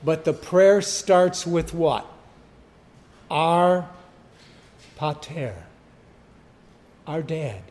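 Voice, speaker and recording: Male preacher, high voice, slow and deliberate, emphatic with sudden loud cries. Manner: emphatic, repeats key phrases, rises to sudden loud cries. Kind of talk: sermon.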